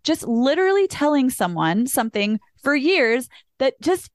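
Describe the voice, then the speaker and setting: A young adult woman hosts a podcast, candidly sharing a personal story in casual chat with emphatic asides, the occasional swear word, and acted-out quoted dialogue. Her high-pitched voice is very animated at a normal speed, recorded clean in a studio with no echo.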